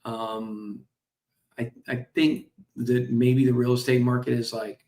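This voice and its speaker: Flat and slow, with a dark tone at medium pitch, a man hosts a crypto stream on a streaming mic. He reads company news and comments casually with jokes, fillers and apologies, sounding tired and yawning.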